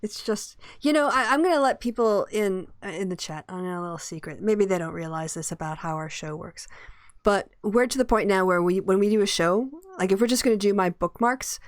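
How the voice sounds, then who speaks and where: A woman's voice: medium pitch, brisk, no room sound, studio quality. A woman hosting a casual chat show, giving wry commentary and laughing often. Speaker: host.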